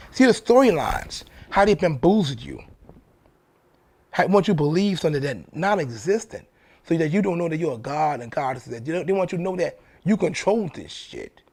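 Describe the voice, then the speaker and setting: A man's voice: a little high, lively intonation, brisk, darkish tone. Blunt, profane man ranting to camera. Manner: blunt, profane street talk, repeats himself for emphasis. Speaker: show host. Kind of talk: casual monologue to camera.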